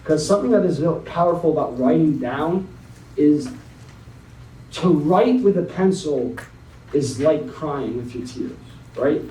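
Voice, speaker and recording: A young man as a guest speaker, slowly and dramatically reading a spoken word poem, then talking to a young audience. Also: a little high, lively intonation, dark tone, a little hiss or hum. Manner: slow, dramatic poetry reading. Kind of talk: spoken word poetry then motivational talk. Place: conference hall. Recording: echoey hall, mic at a distance.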